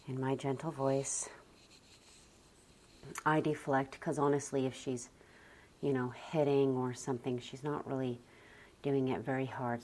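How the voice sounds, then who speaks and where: A young adult woman talking gently and slowly about calm parenting, often dropping almost to a whisper. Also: rumbling low, slight background noise. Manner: soft, slow and gentle, often near a whisper. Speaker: parenting vlogger. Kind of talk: calm reflective talk to camera.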